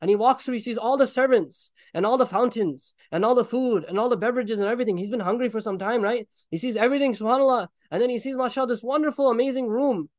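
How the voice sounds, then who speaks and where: A man preaching a sermon, retelling a story with animated acted-out voices and frequent laughs. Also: extremely high pitch, fast, few pauses, no echo.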